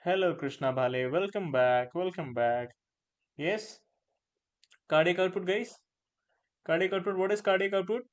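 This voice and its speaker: A man's voice: high voice, normal speed, pauses often. A man with an Indian English accent giving a live online pharmacology lecture, repeating phrases, tagging lines with "right?" and slipping in Hindi words. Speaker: pharmacology teacher.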